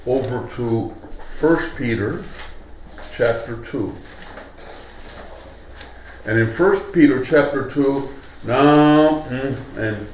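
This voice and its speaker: A man's voice: mid-range voice, slight background noise. A male preacher giving a sermon in a conversational way, putting questions to his congregation. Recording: echoey hall, mic at a distance.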